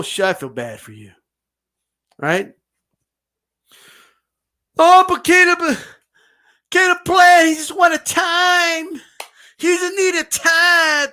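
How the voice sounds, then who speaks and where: A man's voice: very high voice, sharp tone. A man giving a brash, mocking, profane rant as a boxing commentator. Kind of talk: ranting commentary vlog.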